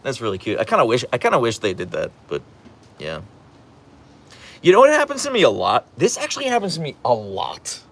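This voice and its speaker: A man's voice: medium pitch, wildly swooping pitch, brisk, a bit bright. A man hosting a casual livestream from home, reading out the chat and rambling playfully, slipping into voices when he retells stories.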